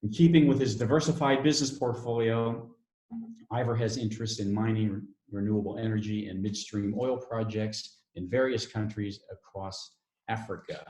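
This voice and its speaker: A man introducing the panelists at an online event, reading their backgrounds in a steady listing manner. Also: on the low side, normal speed, reverberant. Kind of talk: read introduction. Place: online video call.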